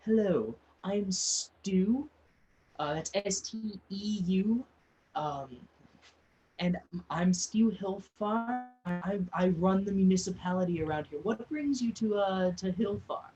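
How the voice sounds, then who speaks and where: A man's voice: high-pitched, slow pace, warm tone, lo-fi sound, pitched above the performer's own voice. A man voicing a pompous noble male town ruler who stammers and fusses. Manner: stammering, fussy and self-important.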